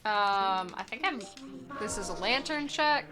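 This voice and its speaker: A woman's voice: medium pitch, animated, measured pace, over music. A young woman streaming a game, chatting playfully and rambling with lots of "like" as she plays. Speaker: streamer playing a randomized adventure game. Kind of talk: casual gameplay commentary.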